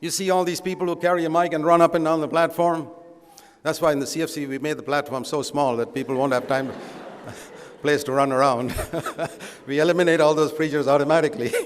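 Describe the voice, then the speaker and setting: A man's voice: fairly high pitch, a bit bright. Man preaching in a reverberant hall. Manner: earnest, conversational preaching with emphatic stresses. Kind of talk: sermon.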